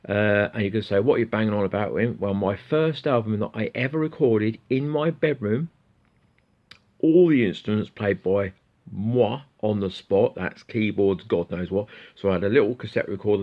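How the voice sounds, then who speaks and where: Man, middle-aged, deep low voice, casual rambling vlog chat, swears a lot, muffled lo-fi sound. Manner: swears freely, rambling and chatty. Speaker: guitar YouTuber.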